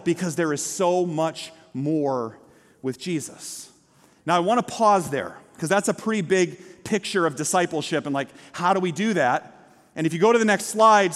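A man preaches a sermon from a church stage. His voice sits high, and he acts out the people in his stories. The sound carries a long hall reverb. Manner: animated storytelling with quoted voices. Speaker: pastor. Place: church sanctuary.

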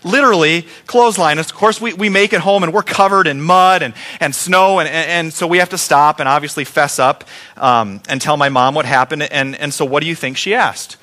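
Animated high-voiced male pastor. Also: fairly quick. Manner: animated storytelling, acts out sounds and quoted replies. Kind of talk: sermon.

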